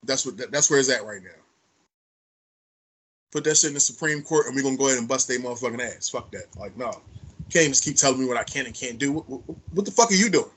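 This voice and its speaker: A man's voice: medium pitch, expressive, quick pace, fairly bright tone, breathy edge. A man co-hosting a podcast, telling stories in blunt, profane casual chat. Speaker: podcast co-host.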